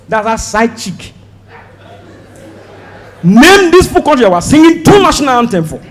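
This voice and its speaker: A man with a Nigerian accent doing a stand-up comedy set, loud and animated, acting out voices and shouting his punchlines. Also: extremely high pitch, normal speed, long pauses. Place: stage before a live audience.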